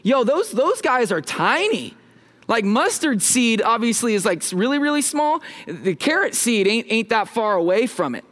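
A man's voice: very high-pitched, big pitch swings, normal speed, a bit bright. A man in his thirties preaching a sermon in a church, casual and joking, talking back and forth with his congregation. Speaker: pastor. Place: church sanctuary.

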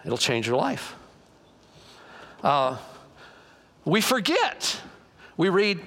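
A male pastor preaching a conversational sermon in a church, animated and folksy, joking and acting out quotes. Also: a little high, drawn-out words, long pauses.

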